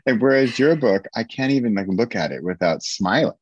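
A man's voice: medium pitch, animated, a little fast, slightly rough, dry recording, muffled recording. A man hosting a podcast, enthusiastic and encouraging, playfully mimicking voices as he talks. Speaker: podcast host. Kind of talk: casual podcast chat.

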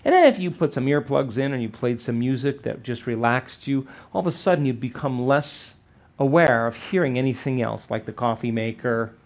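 A man's voice: medium pitch, gravelly. A man teaching a seminar to a live audience, often checking in with rhetorical questions and acting out quoted voices. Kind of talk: live workshop lecture.

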